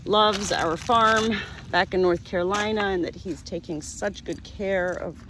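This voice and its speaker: A woman vlogging as she cleans a gravestone, speaking softly and reverently and addressing the dead directly. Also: mid-range voice, steady tone, a little slow. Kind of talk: casual narration while working. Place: outdoor cemetery. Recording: noisy outdoor audio with passing traffic.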